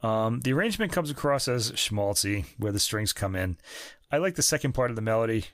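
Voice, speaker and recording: A man's voice: on the low side, expressive, fairly quick, a bit bright, dry recording, clean studio sound. A man co-hosting a music podcast, chatting in a jokey, opinionated way with lots of fillers. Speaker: podcast co-host. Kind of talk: casual music review chat. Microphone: podcast microphone.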